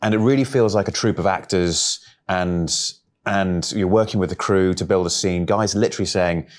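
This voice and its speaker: A man, an actor, talking quickly and animatedly in a press interview about filming. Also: low-pitched. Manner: quick, animated storytelling with a laugh.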